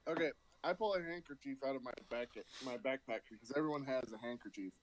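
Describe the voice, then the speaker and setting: A man playing a tabletop game, animated and stammering when excited. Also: mid-range voice, quick pace, a little hiss or hum, poor audio. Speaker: player. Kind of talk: casual tabletop play.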